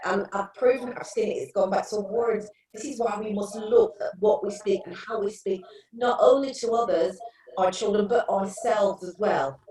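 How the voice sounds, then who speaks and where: A woman's voice: mid-range voice, a little mellow. A middle-aged woman, a therapist telling stories earnestly in a casual interview, with many restarts. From England. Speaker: guest therapist. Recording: echoey room, distant mic.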